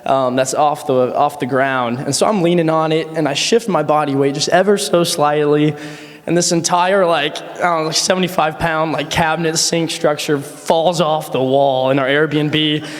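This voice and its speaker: Young guy doing a wedding toast, kinda high voice, lots of ums, echoey hall. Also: fairly even intonation, normal speed. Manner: casual, rambling, with many fillers and laughs. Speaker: friend of the groom giving a toast.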